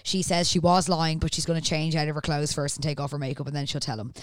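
A woman's voice: low voice, flat delivery, quick pace, dry recording, clean studio sound. A woman recapping a TV series in casual chat, acting out the characters' lines as she goes. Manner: chatty storyteller, acts out characters' lines. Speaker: podcast host recapping a TV series.

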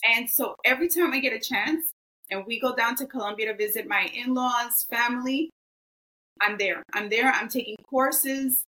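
Woman, bright voice, a bit high, earnest, lots of fillers, faint crowd chatter behind. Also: moderate pace, poor audio. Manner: earnest, emotional, many "you know" fillers. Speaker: guest, esthetician. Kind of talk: interview answers, storytelling.

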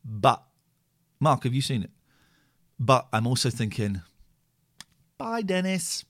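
A man streaming live, reacting to a clip of himself with mocking commentary and hushed asides. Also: mid-range voice, measured pace. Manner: animated and mocking, drops to a hushed inner voice.

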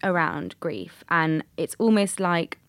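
A woman hosting a podcast, measured and thoughtful, with soft fillers. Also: fairly low pitch, big pitch swings, dry recording. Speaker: podcast host. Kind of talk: casual chat.

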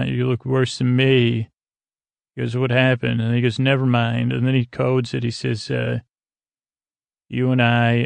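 A man's voice: medium pitch, gravelly, no room sound. A man recapping a TV episode in a loose, rambling, offhand way with lots of fillers, as a podcast host. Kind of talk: casual scene-by-scene recap narration.

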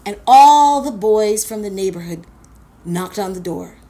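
A woman from Queens, telling a personal story in a blunt, animated way and swearing freely. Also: medium pitch, unhurried. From Queens, New York.

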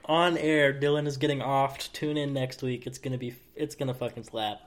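Enthusiastic young podcast co-host. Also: male voice, mid-range voice, fairly even intonation, moderate pace. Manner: enthusiastic, swears casually. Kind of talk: casual chat.

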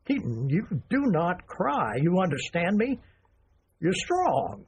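A stern old grandfather, played by a man, speaks in a raspy voice that rises and falls a lot. He sets rules in a firm, lecturing tone, pausing and restarting as he goes. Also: high-pitched, big pitch swings, darkish tone, heavily acted. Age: older. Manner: halting, then firm and lecturing.

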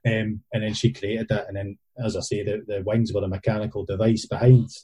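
Dark, husky Scottish man chatting. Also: lowish voice, little pitch movement, a little fast. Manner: rambling, self-deprecating storyteller with many fillers. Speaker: independent filmmaker and editor. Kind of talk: casual podcast chat.

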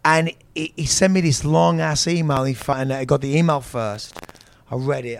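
A man with a fairly high, light voice tells stories in a loose, animated way. He swears freely and wanders from one tangent to the next in casual chat. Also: moderate pace, vocal fry. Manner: animated, swearing, drifting between tangents and impressions. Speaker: guest musician.

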